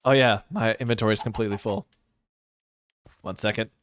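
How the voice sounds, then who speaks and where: A man's voice: lowish voice, steady tone, fairly quick, fairly bright tone, dry recording. A sleepy man streaming a game, chatting casually with his viewers and making rambling, sarcastic asides. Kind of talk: casual chat while gaming, answering chat.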